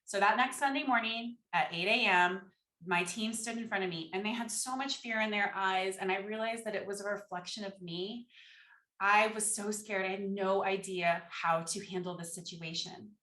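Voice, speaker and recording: A woman giving a conference keynote as a speaker, telling a story and acting out quoted dialogue with animated energy. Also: mid-range voice, normal speed, echoey room.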